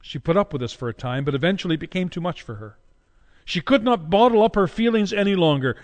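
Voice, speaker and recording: Dramatic preaching man in an echoing hall. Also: animated. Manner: dramatic, swings from loud cries to hushed low tones; slows down for emphasis. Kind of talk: sermon. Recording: long hall reverb.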